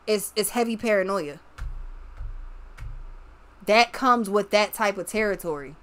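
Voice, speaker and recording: A young woman giving a casual tarot reading, talking slowly and bluntly with lots of swearing and restarts. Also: medium pitch, animated. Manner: blunt, profane, slow and drawling with many restarts. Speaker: tarot reader.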